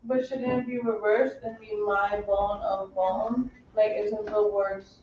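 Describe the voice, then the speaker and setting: A woman's voice: mid-range voice, flat delivery, slow. A woman student from Ecuador asking hesitant questions in class. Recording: roomy dull audio with faint hum.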